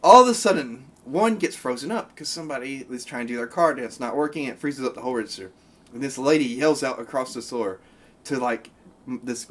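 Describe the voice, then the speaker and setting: A young man co-hosting a casual podcast, telling a rambling work story full of fillers and restarts and laughing often. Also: mid-range voice. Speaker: podcast co-host; grocery store worker telling a work story. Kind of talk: casual chat.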